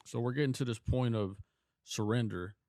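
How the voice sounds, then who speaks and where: A man hosting a podcast, talking in a calm, reflective way as he steers the conversation. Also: mid-range voice, moderate pace, no room sound, studio quality. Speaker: podcast host. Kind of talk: casual chat.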